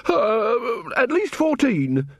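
A man voicing an indignant fat male shopkeeper who whines and complains in a high, shrill voice. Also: wildly swooping pitch, drawn-out words, slightly rough, dry recording, clean studio sound, full character voice.

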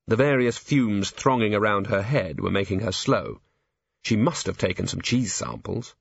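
Husky man narrating a story. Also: lowish voice, expressive, normal speed, no echo, lo-fi sound. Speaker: audiobook narrator. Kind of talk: scripted narration.

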